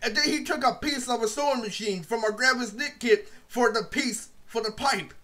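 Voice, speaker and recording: A man's voice: very high voice, moderate pace, sharp tone. A young man telling a rambling, profane story in a casual vlog, full of fillers. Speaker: vlogger.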